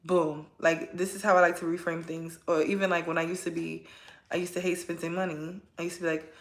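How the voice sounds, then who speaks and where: A woman's voice: fairly low pitch, steady tone, normal speed, roomy sound. A woman giving a casual spoken tarot reading, chatty and rambling, often tagging her points with a question. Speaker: tarot reader.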